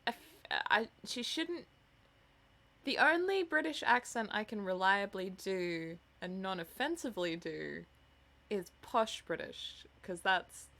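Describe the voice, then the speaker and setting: Sleepy woman streamer, slow talker, lots of vocal fry, rambly and self-mocking. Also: medium pitch, a bit bright. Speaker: streamer reading a novel aloud. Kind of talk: casual chat with viewers.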